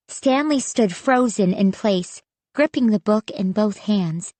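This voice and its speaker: A woman narrating a spooky children's audiobook in a measured, suspenseful reading. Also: medium pitch, expressive, dark tone, no echo. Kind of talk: scripted horror narration.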